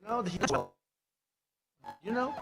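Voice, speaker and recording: A man giving a campaign speech at a rally, boastful and sarcastic, drifting off into rambling asides. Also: takes it slowly. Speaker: politician addressing a rally. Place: large rally venue. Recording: loud cheering crowd at a rally.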